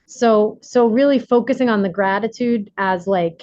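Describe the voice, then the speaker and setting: Woman, workshop leader, casual and chatty, frequent laughs, mid-pitched, dry close sound, slightly muffled video call audio. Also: a little slow, a little mellow, no echo. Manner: chatty, laughs often, many fillers. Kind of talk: casual recovery workshop talk.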